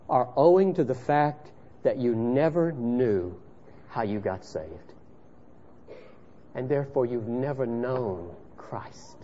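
Man preaching, impassioned, loud to hushed, lively pitch, dull lo-fi recording. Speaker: pastor. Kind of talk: sermon.

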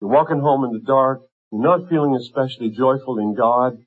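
A man preaching a sermon with impassioned intensity, swinging from fervent, rising pleas to hushed, quiet emphasis. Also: medium pitch, brisk, slightly rough, narrow, tinny audio.

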